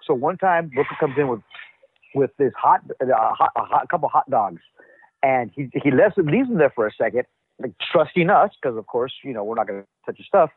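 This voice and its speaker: A man telling locker-room stories in a casual interview, animated and acting out what others said. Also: mid-range voice, fairly quick, breathy edge, no echo. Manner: animated storyteller, acts out quotes. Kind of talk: casual wrestling interview talk. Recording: dull, lo-fi dry audio.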